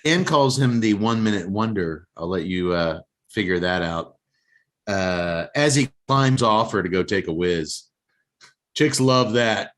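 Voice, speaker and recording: A man's voice: lowish voice, lively intonation, a little slow, a bit bright. A man hosting a casual talk show, rambling and joking as he recaps a movie plot. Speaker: podcast host.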